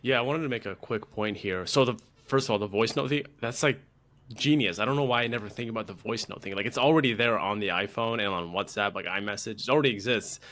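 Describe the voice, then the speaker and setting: A man's voice: fairly low pitch, quick pace, fairly bright tone. A man co-hosting a podcast, chatting in an enthusiastic, conversational way. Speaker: podcast co-host. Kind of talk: casual podcast chat.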